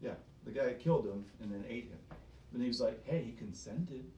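A man's voice: medium pitch, fairly even intonation, a little fast, darkish tone, slight background noise. Emphatic preaching man, roomy and distant. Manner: emphatic, rhetorical questions, repeats himself. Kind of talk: preaching to a small group.

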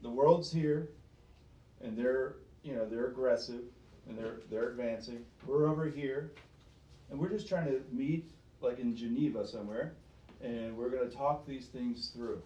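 A man's voice: medium pitch, unhurried, dark tone. A man preaching to a small group, emphatic and fond of rhetorical questions, often repeating himself. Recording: roomy sound from a distance.

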